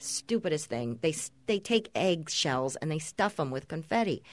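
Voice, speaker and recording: A woman and mother co-hosting a podcast, chatting casually and telling stories with lively, acted-out quotes. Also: sits low, normal speed. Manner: animated storytelling, mimics others' voices. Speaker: podcast host. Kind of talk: casual chat.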